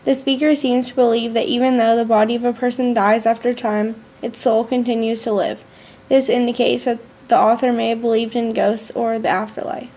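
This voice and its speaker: Student girl reading her journal out loud, kinda high voice, careful and slow. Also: level tone, slightly rough. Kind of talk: reading a school journal aloud.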